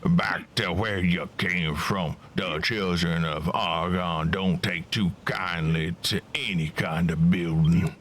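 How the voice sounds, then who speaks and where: Un homme jouant des mineurs bourrus à l'accent cockney. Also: male voice, deep voice, fairly even intonation, takes it slowly, few pauses, a bit bright, slight background noise. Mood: dismissive. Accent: attempted Cockney. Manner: rough, blustering slang delivery. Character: gruff burly male miners, grumbling and stubborn. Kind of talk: reading game dialogue aloud in voices.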